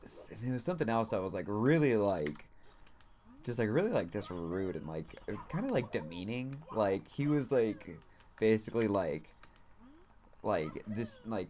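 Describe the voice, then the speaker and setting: A man's voice: lowish voice, animated, moderate pace, darkish tone. A man streaming a game and telling a story in a loose, casual way, rambling and packing his talk with "like" and "you know", with some casual swearing.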